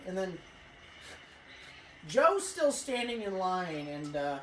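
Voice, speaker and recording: A woman telling a rambling, swear-filled school story while playing a racing game, with excitable outbursts. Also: on the low side, takes it slowly. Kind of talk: casual let's-play storytelling. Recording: echoey room, faint music.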